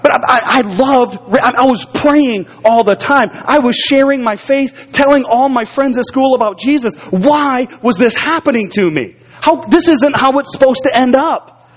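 Male pastor, higher register, earnest testimony-style preaching, dull lo-fi recording. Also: breathy edge, big-room sound. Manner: earnest storytelling, repeats words when stirred. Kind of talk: sermon with personal testimony. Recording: dull lo-fi sound.

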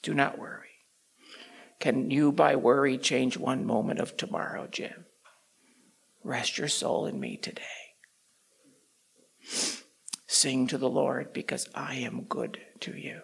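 A man voicing God as a calm, firm male divine voice, speaking slowly and quietly in a gravelly, husky tone. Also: medium pitch, in a whisper, pitched below the performer's own voice, heavily acted. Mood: soothing.

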